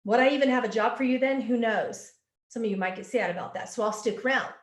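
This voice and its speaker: A woman's voice: a little high, fast talker. A woman working as a psychic medium, relaying channeled answers in a flowing, earnest way and repeating words for emphasis. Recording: echoey room.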